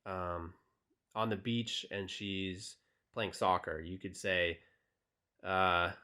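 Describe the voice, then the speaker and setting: A man's voice: low-pitched, takes it slowly, clean tone. A young man coaching on dating, talking casually with many fillers and reading text messages aloud. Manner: relaxed, direct, many fillers. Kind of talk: casual tutorial talk, reading texts aloud.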